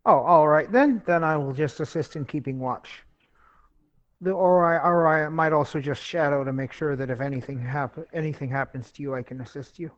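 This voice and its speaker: A man's voice: a little high, brisk, lo-fi sound. A man playing in a tabletop game, talking in an easygoing way and mixing plain talk with lines for his character. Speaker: player.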